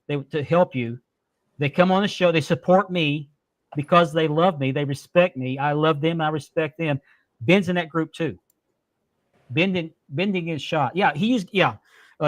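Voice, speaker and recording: A man's voice: on the high side, no room sound. A man hosting a live-stream talk show who speaks indignantly and repeats his points for emphasis. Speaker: podcast host.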